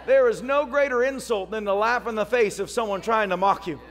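A man preaching a sermon as pastor, telling stories and rising to shouts. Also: high-pitched, fairly quick, a faint crowd. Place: church service.

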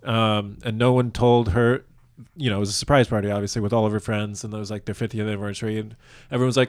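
A man's voice: mid-range voice, flat delivery, fast, dry recording, studio quality. A man telling a long personal story in a casual interview, rambling and self-deprecating, laughing often. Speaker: guest telling his proposal story. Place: lives in a large US city.

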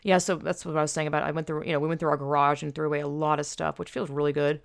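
A woman's voice: low-pitched, little pitch movement, very fast, gravelly, no room sound. A woman telling stories in a loose, rambling monologue, full of fillers and casual swearing.

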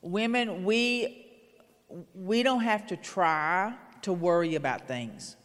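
A woman's voice: medium pitch, slow. A woman preaching alongside the pastor in an earnest, rhythmic way, repeating her phrases. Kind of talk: sermon. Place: church sanctuary. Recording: long hall reverb in a sanctuary.

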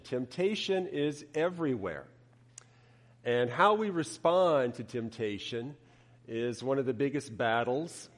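A man preaching a sermon, telling a story in an unhurried, expressive way. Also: medium pitch. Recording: reverberant hall.

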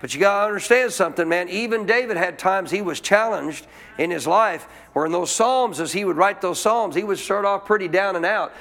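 A man's voice: sits high, a little fast, a bit bright. A man preaching a sermon to a congregation, emphatic, asking questions and repeating his points. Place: church.

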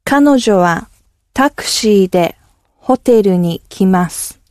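A woman whose first language is Japanese repeats model phrases for learners, keeping her delivery level and even. Her voice is mellow and recorded dry and close. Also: mid-range voice, a little slow, no echo. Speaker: native speaker model.

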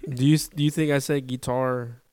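A man with a Texan accent explaining his point in a measured, casual chat. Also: medium pitch, steady tone, a little mellow, smooth.

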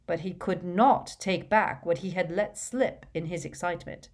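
A woman voicing a wise old male headmaster, speaking in a slow, deliberate, grave way. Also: fairly low pitch, close to an everyday voice.

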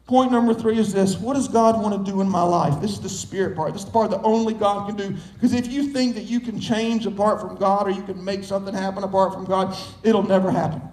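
A high-voiced male pastor preaching an emphatic sermon, stacking up repeated phrases. His voice rings out through a reverberant church hall. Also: steady tone, quick pace, darkish tone. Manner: emphatic, building with repetition.

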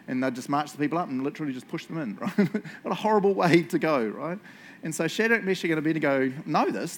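Bible study leader, man, slightly high pitch, casual and joking, quizzes the room; faint background hum. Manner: chatty, jokey, asks the room questions. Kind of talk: casual Bible teaching to a group. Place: indoor room with a group.

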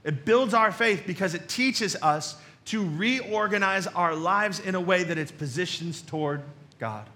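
Male pastor, high-pitched and sharp-toned, preaching conversationally with jokey asides and repeated punchlines. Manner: conversational, with joking asides and rhetorical questions; emphatic, repeats key phrases. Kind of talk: sermon.

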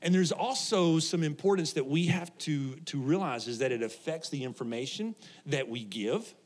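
A man's voice: on the high side, expressive, moderate pace. Joking man preaching to a congregation. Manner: conversational and joking, laughs often, asks the congregation questions. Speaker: pastor. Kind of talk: sermon.

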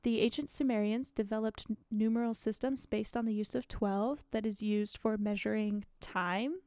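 A woman's voice: a little high, steady tone, moderate pace, warm tone, clean tone, no room sound, clean studio sound. A young woman co-hosting a podcast, chatting casually and rambling with lots of fillers. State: has the hiccups. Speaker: podcast co-host. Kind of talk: casual chat.

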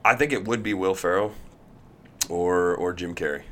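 A man in his thirties, a pro pitcher, telling chatty, animated stories as a podcast guest. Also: normal speed. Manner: chatty, animated storyteller who acts out quotes. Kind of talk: podcast interview storytelling.

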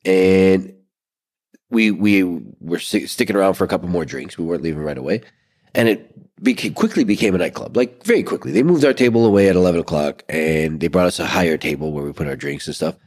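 A man's voice: deep voice, animated, fast, darkish tone. A man co-hosting a podcast, telling a story in a loose, rambling way full of fillers, sitting outdoors by a pool. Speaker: podcast co-host. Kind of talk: casual storytelling chat.

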